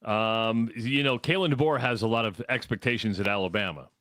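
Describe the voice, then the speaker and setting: A man's voice: fairly low pitch, brisk, a bit bright, no room sound. A middle-aged man with a Midwestern American accent, co-hosting a sports radio show in a rambling, storytelling way. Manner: rambling, self-correcting storyteller. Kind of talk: casual sports talk. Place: radio studio.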